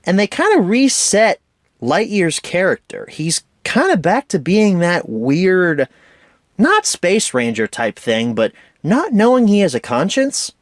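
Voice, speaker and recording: A man's voice: a little high, no echo, clean studio sound. A man giving an enthusiastic, opinionated casual film review as host of his own show.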